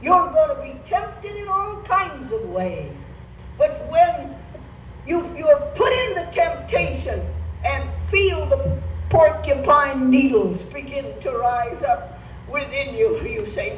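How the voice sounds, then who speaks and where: A woman's voice: sits high, animated, slow pace, distant mic. An older woman preaching a sermon as a Pentecostal Bible teacher, emphatic and urging the congregation to repeat after her. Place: church meeting. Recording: roomy church hall, recorded from afar, faint noise.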